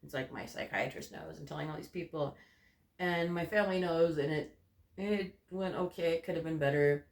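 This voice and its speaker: Speaking at a moderate pace with a creaky, steady, fairly high voice, a young man vlogs from his bedroom corner. The personal ramble is candid and loose, packed with "like" and "you know," and the room echoes around him.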